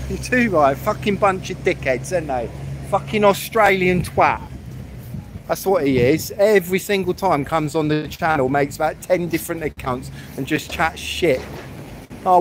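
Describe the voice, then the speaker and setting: A man's voice: fairly high pitch, slight background noise. A man live-streaming from a public street, talking bluntly and swearing as he rambles through a rant.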